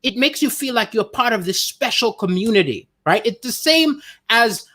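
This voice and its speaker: A male comedian hosts a casual livestream from home, reading viewer comments aloud and riffing on them. His delivery is animated and playful, and his voice jumps up in pitch for emphasis. It sounds like a webcam or phone mic in an indoor room. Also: normal speed.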